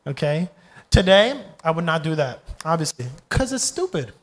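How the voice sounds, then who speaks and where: Lively high-voiced young man preaching. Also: normal speed. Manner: animated storytelling preacher, asks the crowd questions. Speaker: pastor. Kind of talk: sermon.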